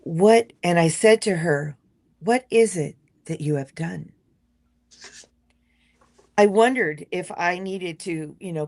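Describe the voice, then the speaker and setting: A woman on a live stream telling a dream in a halting way, with many fillers, her voice now loud, now soft. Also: low-pitched, gravelly. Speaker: guest sharing a dream. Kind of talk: casual storytelling on a live stream. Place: home in a rural wildland area.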